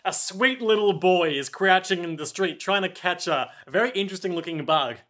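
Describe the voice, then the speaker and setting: Bright-voiced man in casual chat. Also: high-pitched. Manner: joking, quick asides, acts out voices. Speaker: podcast co-host.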